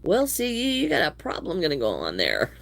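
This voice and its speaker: A woman's voice: on the low side, wildly swooping pitch, brisk, gravelly, a bit bright. A middle-aged woman, chatting casually with viewers while she crochets, a little wheezy from allergies. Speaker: crochet livestream host. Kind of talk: casual livestream chat.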